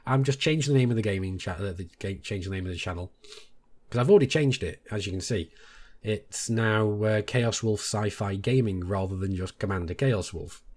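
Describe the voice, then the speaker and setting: A British man, a gaming YouTuber, telling a story to his viewers in a casual, animated way. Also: fairly quick. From Britain. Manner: animated, jumps much higher when quoting others.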